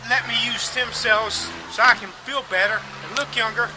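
A man ranting angrily and bitterly into a handheld camera outdoors, swearing and shouting in bursts. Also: high voice, measured pace. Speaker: vlogger. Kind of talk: angry ranting monologue to camera. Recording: loud outdoor traffic noise.

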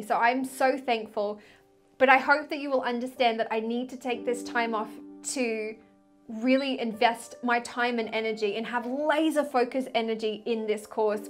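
Gushing, high-voiced woman vlogger. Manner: gushing, effusive, many "like" and "literally". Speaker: spiritual vlogger and tarot reader. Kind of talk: casual direct-to-camera chat.

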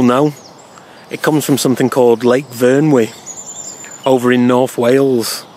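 A man's voice: medium pitch, a little hiss or hum. Chatty man vlogging outdoors. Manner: jokey, conversational, wry asides. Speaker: cycling vlogger. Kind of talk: chatty local-history vlog.

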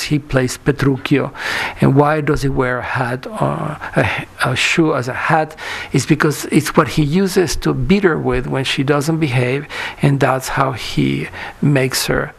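A man's voice: medium pitch, creaky, breathy edge. A man giving a conference talk, telling anecdotes about a photographer's life with frequent fillers and quoted dialogue. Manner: storytelling, many fillers, quotes characters in dialogue. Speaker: lecturer. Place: lecture hall.

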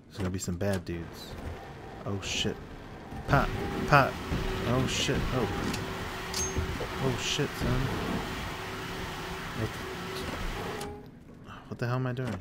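A man's voice: medium pitch, a little slow, pauses often, very noisy. A man giving live gameplay commentary, cursing and joking as he talks to himself.

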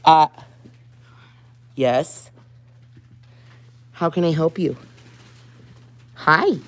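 A woman's voice: lowish voice, takes it slowly, long pauses. A woman vlogger in casual chat, cooing in baby talk at puppies.

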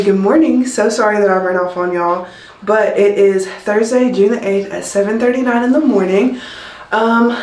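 A woman's voice: mid-range voice, darkish tone. A woman, vlogging casually at home and venting to her viewers, full of "like" and "y'all". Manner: chatty, venting, lots of "like" and "y'all". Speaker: nursing student vlogger. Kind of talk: casual vlog talk to camera. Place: at home in an apartment. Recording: roomy, slightly distant phone recording.

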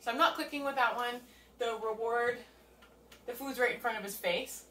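A dog trainer with a fairly high, fairly bright voice talks at a moderate pace, casually demonstrating a training session step by step from her home. Her audio sounds roomy and distant, with faint ambience around it.

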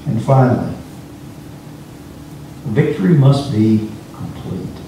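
Preacher's voice echoing from afar. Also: male voice, mid-range voice, very animated, slow pace, creaky, mellow, a little hiss or hum. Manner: emphatic, repeats words when speeding up. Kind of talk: sermon. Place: church sanctuary. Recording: echoey church from far off.

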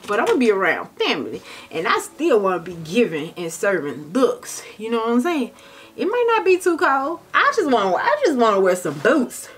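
A woman's voice: medium pitch, very animated, moderate pace, a bit bright, breathy edge. Tired, chatty young woman vlogger. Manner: chatty, calls viewers baby and child. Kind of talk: casual haul vlog talk.

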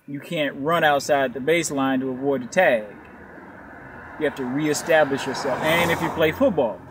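A man's voice: medium pitch, a little hiss or hum. A man who works as a rideshare delivery driver, talking loosely and profanely in a rambling rant to his viewers. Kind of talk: casual ranting vlog.

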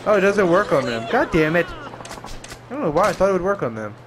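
Young male let's-player, cussing and excitable, slightly high voice. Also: a little fast. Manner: profane, excitable, jokey. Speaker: gaming channel host. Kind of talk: let's play commentary. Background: game music.

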